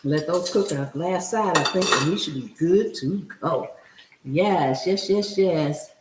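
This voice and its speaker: A woman's voice: lowish voice, measured pace, heavy background noise. Chatty woman in an echoey kitchen. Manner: chatty, reads and answers viewer comments. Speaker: cooking show host. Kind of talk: live-stream cooking chat. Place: home kitchen.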